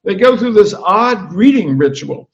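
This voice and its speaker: A man's voice: high-pitched, measured pace, voice pushed up, heavily acted. A man reading as a wry storytelling dog. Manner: dry deadpan storytelling, reading aloud. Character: wry observational male dog narrator. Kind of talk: reading a comic novel aloud.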